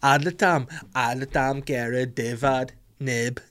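Steady and unhurried, a middle-aged man with a medium-pitched, slightly bright voice answers viewer comments in a relaxed live chat. He jokes around, laughs often, and swears freely.

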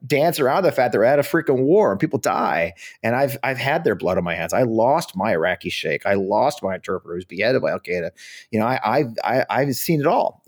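Fast-talking blunt middle-aged man. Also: on the low side. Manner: fast, blunt anecdotes with swearing and laughter. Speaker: guest. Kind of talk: storytelling in a podcast interview.

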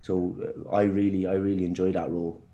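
A young man, a football player, answering interview questions casually in a halting way, often repeating his words. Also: sits low, little pitch movement, mellow. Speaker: footballer guest.

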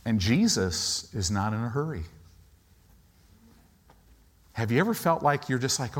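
A man's voice: huge pitch swings, normal speed, fairly bright tone, husky. A middle-aged man preaching a sermon, dramatically acting out Bible characters in different voices. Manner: dramatic, acts out Bible characters with swinging pitch. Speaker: pastor.

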